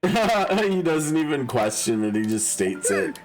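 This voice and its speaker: A man's voice: medium pitch, very animated, measured pace, music in the background, low-quality recording. A man casually commenting during a live game stream, thinking aloud, often chuckling and restarting his sentences.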